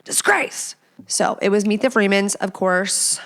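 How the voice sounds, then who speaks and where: Woman, podcast host, casual chat, playful, chatty, whispered asides, mid-pitched voice. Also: level tone, normal speed.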